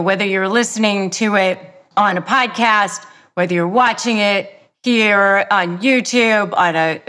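A woman hosting a self-help podcast, talking straight to the listener in a deliberate way and repeating key phrases for emphasis. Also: mid-range voice, a bit bright. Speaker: podcast host. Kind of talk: self-help advice monologue.

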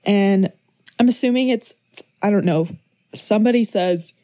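A woman co-hosting a casual movie-review podcast, relaxed and hesitant, trailing off with ums. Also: medium pitch, a little slow, no room sound. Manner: laid-back, hesitant, often trailing off with ums. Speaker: podcast co-host.

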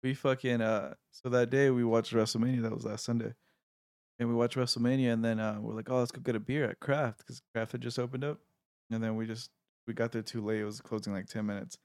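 A man's voice: mid-range voice, flat delivery, quick pace, a little mellow, no echo, clean studio sound. A young man in casual chat, telling a long rambling story and swearing freely.

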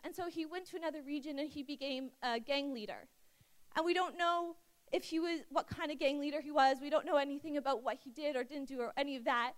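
A young woman preaching a sermon in a conversational way, reading scripture and acting out the people in the story. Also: high voice. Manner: conversational, acts out quotes with lively asides. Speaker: youth speaker.

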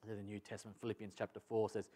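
A man's voice: lowish voice, monotone, fast, warm tone. A pastor preaching a sermon to his church, earnest and emphatic, repeating phrases for stress. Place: church service.

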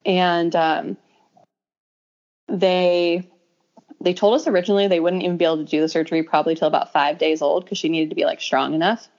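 A young adult woman telling a personal story in casual conversation, acting out quoted lines and laughing often. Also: brisk. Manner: animated, acts out quoted lines with pitch jumps, laughs often. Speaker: podcast guest telling a birth story. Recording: dull lo-fi audio.

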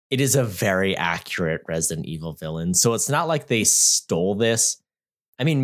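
A man chatting through a movie review with a co-host, his voice low but swinging widely in pitch. He jokes constantly, laughs often, and drops into low, muttered asides. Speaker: podcast co-host. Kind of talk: casual movie review chat.

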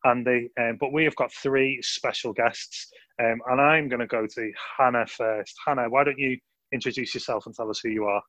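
A man's voice: mid-range voice, steady tone, moderate pace, fairly bright tone, no room sound. A man with a Scouse accent hosting a youth podcast in a friendly, upbeat way, with many fillers. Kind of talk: casual podcast chat.

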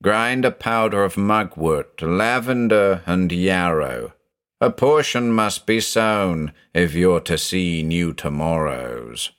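A man voicing a former village greengrocer turned into a droning stone servant, chanting instructions slowly. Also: low-pitched, a bit bright, smooth. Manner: slow, measured chanting of instructions.

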